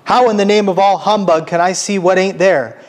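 A man reading aloud, voicing a surly, mistrustful male dwarf with a gruff, rude manner. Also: sits high, a little fast, lightly acted. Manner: read aloud from a book.

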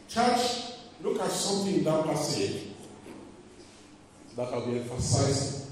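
A man's voice: on the high side, sing-song, moderate pace, long pauses, a little mellow, a little hiss or hum. A man preaching a sermon in church, calling out to the congregation and asking them to answer. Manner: call-and-response preaching to the congregation. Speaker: pastor. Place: church hall. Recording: echoey hall, preacher far from the mic.

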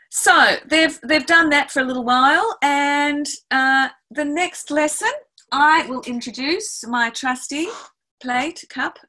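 A woman's voice: high-pitched, pushed and bright, poor audio. A middle-aged woman, a music educator, explaining classroom activities step by step in a webinar and acting out her exchanges with the class. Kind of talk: webinar teaching talk.

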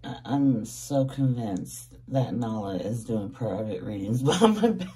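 A woman with a very deep, dark, expressive voice speaks at a measured pace, sitting far from the mic. She's a tarot reader doing a casual reading to camera, sounding groggy as if just woken, laughing often and calling her viewers babies.

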